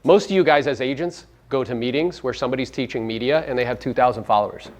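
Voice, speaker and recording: A man's voice: medium pitch, fast. A man giving a live motivational seminar talk to real estate agents, brash and profane, firing rhetorical questions at the audience.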